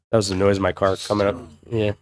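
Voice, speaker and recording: A man's voice: fairly low pitch, gravelly, dry recording. Easygoing man, dry close sound. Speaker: podcast co-host. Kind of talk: casual chat.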